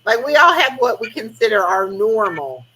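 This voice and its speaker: A woman's voice: a little high, very animated, moderate pace, sharp tone, husky, low-quality recording. An older woman, chatting casually on a live stream over a video call and acting out conversations as she tells stories. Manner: chatty storytelling, acting out quoted talk. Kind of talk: casual chat.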